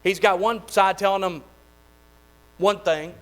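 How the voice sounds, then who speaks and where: A man, preaching a sermon in a folksy, animated way with lots of repeated phrases. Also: sits high, unhurried, poor audio. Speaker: pastor.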